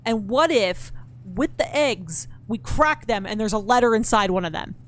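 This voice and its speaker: A medium-pitched, fairly bright female voice moves at a normal speed. She streams a puzzle game, muttering her thoughts, answering chat, talking back to in-game characters, and swearing out of frustration, all as live gameplay chat.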